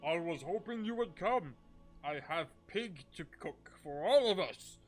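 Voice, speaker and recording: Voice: mid-range voice, animated, measured pace, faint music behind, close to an everyday voice. A game master in a streamed tabletop game voicing a blunt, welcoming craftsman character. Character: gruff, busy craftsman host man.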